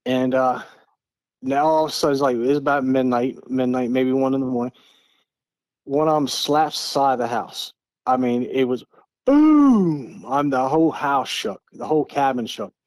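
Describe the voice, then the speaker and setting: A man's voice: medium pitch, fairly even intonation, moderate pace, no echo. A middle-aged man from Eastern Maryland, a podcast guest telling a story in an earnest, repetitive way, often restarting his phrases. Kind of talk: casual storytelling.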